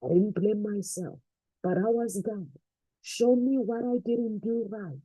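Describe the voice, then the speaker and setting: A woman's voice: medium pitch, steady tone, measured pace, warm tone, dry recording, low-quality recording. A woman giving an earnest, faith-based motivational talk, repeating phrases for emphasis. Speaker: motivational speaker.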